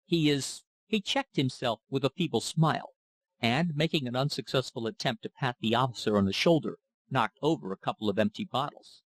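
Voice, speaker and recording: A man reading a classic novel as an audiobook narrator, in a steady, even-paced manner on a close mic. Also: mid-range voice, brisk, no room sound.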